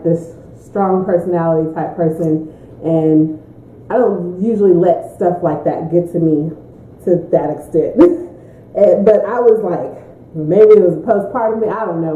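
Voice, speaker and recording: A woman, a mother, chatting casually in a mukbang Q&A, a lively storyteller who laughs often. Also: fairly low pitch. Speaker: mother answering Q&A. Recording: tinny echoey room recording.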